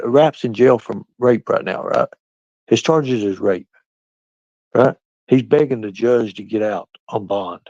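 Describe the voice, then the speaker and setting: Brief: low, gravelly-voiced man streaming, picking fights with chat, dry lo-fi sound. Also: a little mellow, dry recording. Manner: combative, confrontational, talks straight back to chat. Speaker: livestreamer answering chat. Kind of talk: casual live-stream rant. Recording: dull, lo-fi dry stream audio.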